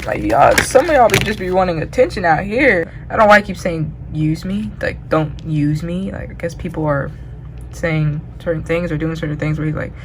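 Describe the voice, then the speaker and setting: A woman's voice: sits low, expressive, normal speed, noisy background. A woman giving a casual tarot reading, talking loosely with lots of "like" and frequent laughs. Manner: chatty, loose, heavy use of "like", laughs often. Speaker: tarot reader.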